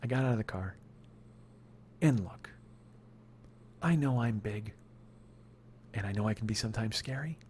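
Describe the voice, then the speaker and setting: A man's voice: medium pitch, darkish tone, a little hiss or hum. A man telling a comedic story as a podcast host, profane and building into exasperated ranting.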